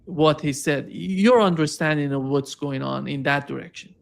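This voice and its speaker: A man hosting an interview, asking questions in a halting way, restarting mid-sentence. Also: a little high, vocal fry. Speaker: host.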